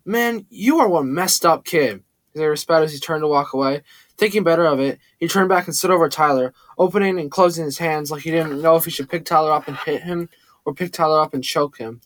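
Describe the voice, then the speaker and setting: Male first-person audiobook narrator, steady, dry studio sound. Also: on the high side, no echo.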